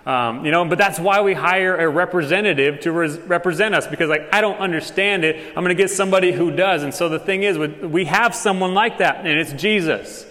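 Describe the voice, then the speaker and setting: A man's voice: sits high, brisk, hardly any pauses, a bit bright, long reverb tail. A man giving a sermon as a pastor, talking in a loose, conversational way with lots of fillers and asides. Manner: casual, conversational preaching with many fillers.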